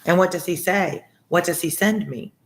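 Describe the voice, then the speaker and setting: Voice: medium pitch, normal speed, lightly acted. A reader voicing an anxious elderly male banker, asking eager questions in a read-along.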